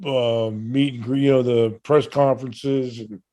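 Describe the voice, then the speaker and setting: An older man talks at an ordinary middle pitch, easygoing and unscripted. He rambles and stalls, circling back with fillers and restarts as he works through an answer. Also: fairly even intonation, measured pace, warm tone. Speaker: podcast co-host answering fan questions. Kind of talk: casual chat.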